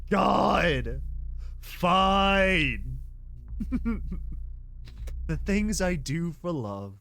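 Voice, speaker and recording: Excitable dude reacting to a creepy comic, slow talker, kinda high voice, low music playing. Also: male voice, vocal fry. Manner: excitable, swears mildly, laughs and gasps often. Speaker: online reaction host. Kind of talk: reacting to and reading a horror comic slideshow.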